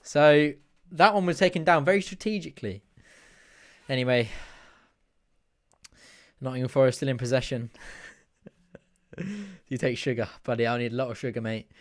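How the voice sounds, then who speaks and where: A young man hosting a live football watch-along, shouting at the match, swearing and groaning over his team. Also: medium pitch, moderate pace, long pauses. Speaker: fan watch-along host.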